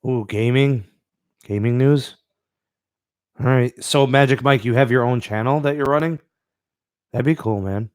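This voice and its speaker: A man's voice: mid-range voice, measured pace, long pauses, clear, resonant tone, no echo, clean studio sound. A man hosting a live-stream podcast in a laid-back way, reading out and answering the live chat with plenty of fillers. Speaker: podcast host.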